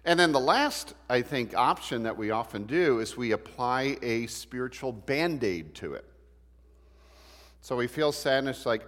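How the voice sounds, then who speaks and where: A man's voice: mid-range voice, expressive, measured pace, fairly bright tone. A man teaching a church Bible class in a conversational way, asking the class questions as he goes. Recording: long hall reverb.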